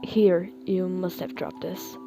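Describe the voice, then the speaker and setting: Girl reading a stoic teen boy, quiet flat voice, no emotion, fanfic reading. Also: fairly low pitch, takes it slowly, soft background music. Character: calm stoic teenage boy hero. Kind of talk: fan fiction reading.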